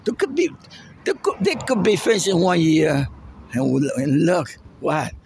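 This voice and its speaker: A man with a Puerto Rican accent, a native Spanish speaker, ranting indignantly in a vlog outdoors near a road, shouting and repeating phrases. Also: a little high, big pitch swings, measured pace, creaky, a little hiss or hum. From Puerto Rico. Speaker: vlogger. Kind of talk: angry outdoor vlog rant.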